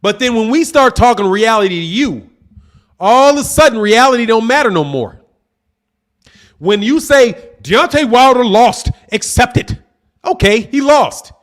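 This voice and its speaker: High, lively, trash-talking man. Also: a little slow. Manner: combative, mocking, trash-talking. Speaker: boxing channel host. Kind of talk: live-stream commentary reading super chats.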